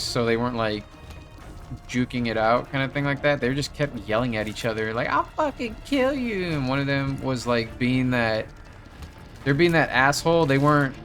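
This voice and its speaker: A man's voice: mid-range voice, fairly bright tone. A man hosting a gameplay video, telling a long rambling story in casual chat, swearing often. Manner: rambling storyteller, swears a lot, many fillers. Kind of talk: casual chat while playing a game.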